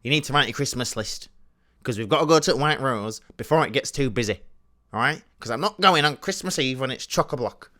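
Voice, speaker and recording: A man's voice: mid-range voice, animated, fairly quick, bright, forceful tone, voice pushed up. A man imitating his strict, organizing mother. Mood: bossy. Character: strict bossy mum organizing Christmas.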